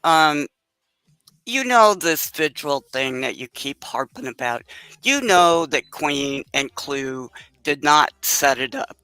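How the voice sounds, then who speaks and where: A woman calls into a livestream and talks slowly, feeling her way through her points with polite, hesitant phrasing. Her voice sounds bright and a bit tense, and dry and close. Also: low voice, sing-song, clear, resonant tone, dry recording, low-quality recording. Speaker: caller on a livestream. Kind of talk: casual call-in chat.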